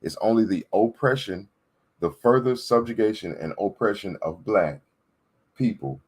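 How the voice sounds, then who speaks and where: A man with a very low voice that carries a husky edge gives a political rant. He hammers points home by repeating them and keeps checking in with whoever is listening. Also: expressive, moderate pace. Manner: emphatic, repetitive, preachy. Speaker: political commentator. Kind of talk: ranting commentary.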